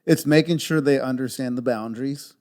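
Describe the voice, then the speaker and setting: Male podcaster, thirties, mid-range voice, relaxed and chatty. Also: mid-range voice, fairly quick. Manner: easygoing, laughs along often. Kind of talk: casual chat.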